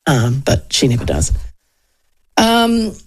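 A woman's voice: low voice, wildly swooping pitch, takes it slowly. A woman in her fifties with a New Zealand accent hosting a talk radio show, talking through poll numbers in a casual, digressive way with lots of fillers. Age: 50s. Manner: chatty, digressive, with frequent fillers and laughs. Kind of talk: casual political commentary.

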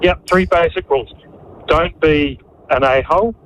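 A man's voice: a little high, moderate pace, a bit bright, slight background noise, rough recording. A man calling into a talk show, easygoing and plain-spoken. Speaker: caller. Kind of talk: casual phone-in chat.

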